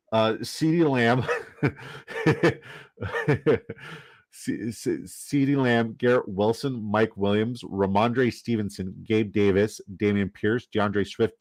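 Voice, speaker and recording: A man's voice: lowish voice, a little mellow. A man from Canada, giving loose, jokey commentary and swearing casually while running down a fantasy football draft.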